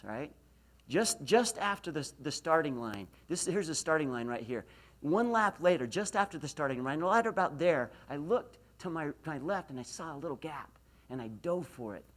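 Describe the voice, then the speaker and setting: A man in his forties giving a university lecture, telling a story with animated delivery and loud emphatic peaks. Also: on the high side, normal speed. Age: 40s. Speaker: motivational speaker. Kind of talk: lecture to an audience.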